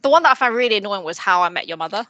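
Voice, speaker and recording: A woman's voice: medium pitch, animated, very fast, pushed and bright, dull audio. A young woman co-hosting a podcast, chatting casually with a blunt, sweary humour. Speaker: podcast co-host. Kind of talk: casual chat.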